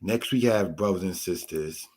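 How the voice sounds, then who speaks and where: A man teaching a Torah lesson, explaining word meanings in a measured way and addressing his listeners as brothers and sisters. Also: sits low, a little mellow. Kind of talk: slow spoken Bible lesson.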